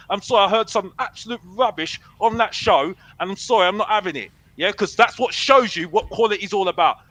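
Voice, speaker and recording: Young guy on a fan call-in, keeps going bruv bruv, high bright voice, dry sound. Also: dry recording, poor audio. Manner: repetitive, defiant, says bruv a lot. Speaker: fan caller on a football show. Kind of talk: heated fan rant.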